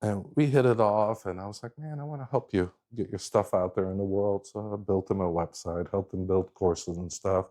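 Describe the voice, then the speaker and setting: Middle-aged guy, lowish voice, chatty storyteller, keeps restarting sentences. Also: moderate pace, hardly any pauses. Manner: rambling, animated storyteller with frequent restarts. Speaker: guest speaker. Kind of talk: casual storytelling talk.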